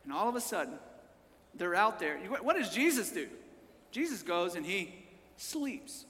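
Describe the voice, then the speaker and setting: A male pastor preaching a sermon at a church service, working the crowd with call-and-response, repeated phrases and rising shouts. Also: sits high, very animated, normal speed, in a large hall.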